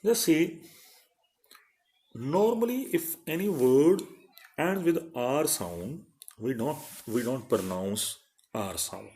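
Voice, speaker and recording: A man's voice: mid-range voice, lively intonation, slow pace, pauses often, dark tone. A middle-aged man giving an online phonetics lecture as a college principal, carefully repeating word pairs to demonstrate sounds.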